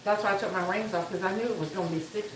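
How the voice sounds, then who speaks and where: A woman's voice: medium pitch, very fast, noisy background. A woman hosting a casual home livestream, chatting easily with viewers while baking. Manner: chatty, easygoing talk to viewers. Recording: echoey room.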